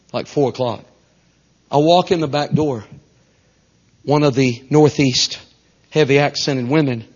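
A man with a Southern US accent preaching a storytelling sermon, folksy and animated, dropping to a hush and then rising loud. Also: mid-range voice. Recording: dull lo-fi recording.

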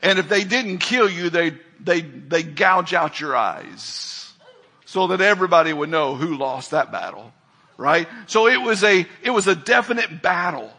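An older man delivers a sermon as pastor. His voice sits high and bright, with a husky edge. He drives some phrases out forcefully and lets others fall to near-hushed asides. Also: expressive, unhurried. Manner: emphatic preaching, swings from loud calls to quiet asides.

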